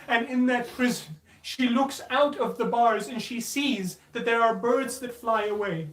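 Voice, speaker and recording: High-voiced man telling a mournful story. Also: a little slow, fairly bright tone. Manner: mournful, dramatic narration building to anguished cries. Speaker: majlis speaker. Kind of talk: emotional religious storytelling to children. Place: mosque hall. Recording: echoey hall, mic at a distance.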